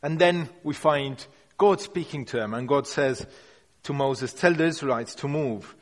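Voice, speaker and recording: A man's voice: on the high side, unhurried. A man giving an informal sermon, talking through a passage in a conversational, unpolished way, often restarting phrases. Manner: conversational and unpolished, with frequent restarts and hedging words. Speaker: preacher. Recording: long hall reverb.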